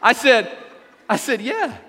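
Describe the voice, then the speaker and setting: A man preaching a sermon as a pastor, telling stories with lively, acted-out quotes. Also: a little high, fairly quick. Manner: animated storytelling with acted quotes. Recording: long hall reverb.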